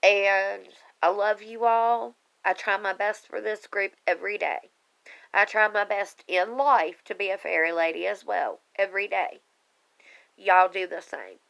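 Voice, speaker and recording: A woman's voice: mid-range voice, steady tone, a little slow, gravelly, fairly bright tone. A woman speaking earnestly and emotionally to her online group on camera, rambling a little as she talks straight to her viewers. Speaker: online group member sharing her life story. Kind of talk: casual heartfelt live video talk.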